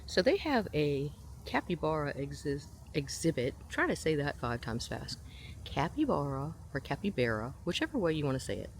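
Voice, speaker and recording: A woman's voice: sing-song, normal speed. Lady vlogging on a farm, handheld cam, chatty and gushy, bit of outdoor noise behind her. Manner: chatty, gushing over animals in a high sing-song voice. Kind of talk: casual outdoor vlog narration. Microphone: handheld camera mic.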